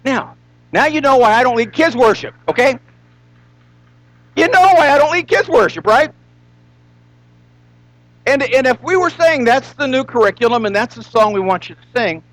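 A man with a high voice delivers a sermon as pastor. He is emphatic and leans on rhetorical questions and drawn-out repetition. The sound is dry and close. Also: sing-song, a bit bright, dry recording, rough recording.

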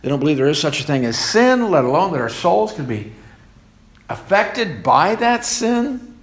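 A man's voice: on the high side, sing-song, moderate pace. A man preaching a sermon in an earnest way, asking rhetorical questions as he goes. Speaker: pastor.

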